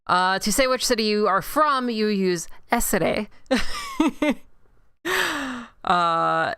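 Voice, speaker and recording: Slow, smooth-voiced Chicago woman streamer. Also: mid-range voice, wildly swooping pitch, fairly bright tone, dry recording, studio quality. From Chicago, United States. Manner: chatty and rambling, quick self-mocking asides. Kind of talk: casual chat while livestreaming a game. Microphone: desk microphone.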